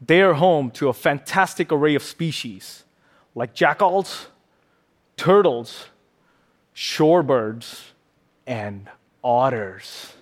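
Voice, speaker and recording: Male conservationist giving a live stage talk, playful and punning, slightly high voice. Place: large auditorium stage.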